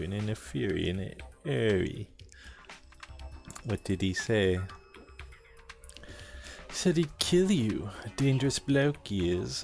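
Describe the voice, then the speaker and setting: Guy doing a sly townsman bloke in a mock-british accent, gravelly, game music playing under. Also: fairly low pitch, darkish tone. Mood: warning. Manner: slangy, drawling, clipped folksy talk. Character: rough-talking male townsman, gossipy and sly.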